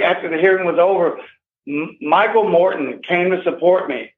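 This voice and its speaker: Older man, fairly high voice, emphatic and agitated, phone-line sound. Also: brisk. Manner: emphatic, agitated, repeats himself. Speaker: interview guest. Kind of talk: emotional first-person account. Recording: tinny phone line with echo.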